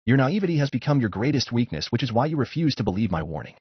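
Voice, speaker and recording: Cryptic, unsettling young male ninja, read by a man: cool, condescending, husky tone, dry dull recording. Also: mid-range voice, fast talker, dry recording. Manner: calm, casually condescending.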